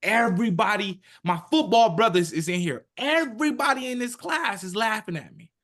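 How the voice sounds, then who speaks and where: Animated man in his thirties telling his story. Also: high voice, normal speed. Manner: animated, emphatic, acts out quotes in his own voice. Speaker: podcast guest. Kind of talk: emotional personal storytelling.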